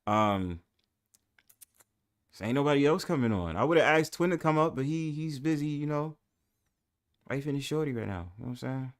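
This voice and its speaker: A man's voice: mid-range voice, expressive, moderate pace, pauses often. Laughing, profane New York man hosting. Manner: laughs often, profane, swings between loud and mumbled. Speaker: livestream panel host. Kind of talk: casual livestream chat.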